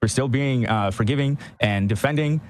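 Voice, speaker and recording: A man's voice: mid-range voice, normal speed, dry recording. A man in a played clip of a commentary video, defensive and sarcastic in how he talks.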